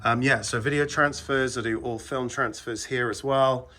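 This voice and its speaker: An English man with a mid-pitched voice runs a casual vlog from his own shop late at night. He talks bluntly and chattily, slipping into ranting asides as he works. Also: fairly even intonation, normal speed, bright, forceful tone. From England. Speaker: video transfer shop owner.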